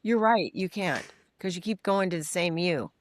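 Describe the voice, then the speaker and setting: A middle-aged woman, a guest in a podcast interview, telling frank stories with animated acted-out voices and casual swearing. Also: fairly low pitch, moderate pace. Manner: animated storytelling, acting out quoted voices. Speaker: guest, recovery mentor and author. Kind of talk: candid interview conversation.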